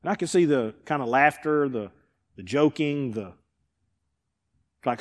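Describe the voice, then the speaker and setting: A man's voice: medium pitch, lively intonation, measured pace. A male pastor preaching a sermon, driving points home with emphatic repetition. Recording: hall with long reverb.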